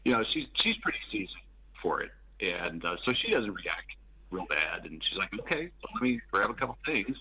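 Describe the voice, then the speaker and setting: A police officer guest on a radio talk show, telling his story matter-of-factly with dark humor. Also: low-pitched, very animated, a little fast, vocal fry, breathy edge, poor audio.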